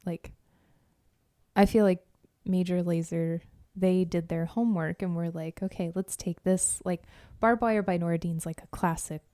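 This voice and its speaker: Low, mellow-voiced chatty woman. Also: steady tone, a little slow, dry recording, clean studio sound. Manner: chatty, enthusiastic, lots of "like" and "um". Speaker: podcast co-host. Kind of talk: casual podcast chat.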